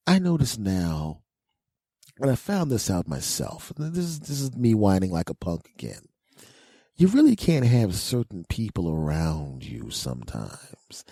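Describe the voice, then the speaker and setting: Solo comic host, low mellow voice, dry close mic, whiny self-mocking rants. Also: male voice, husky, no room sound. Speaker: podcast host. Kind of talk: comic monologue.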